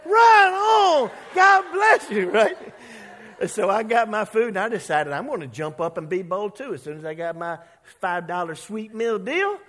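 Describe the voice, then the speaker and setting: A man preaching a sermon as pastor, telling a story and acting out the voices of the people in it. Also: fairly high pitch. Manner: animated, acts out quoted voices. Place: church sanctuary. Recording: long church hall reverb.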